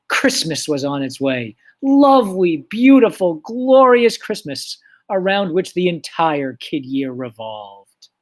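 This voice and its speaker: A man teaching a recorded lesson, explaining things in a relaxed way with lots of fillers. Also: fairly high pitch.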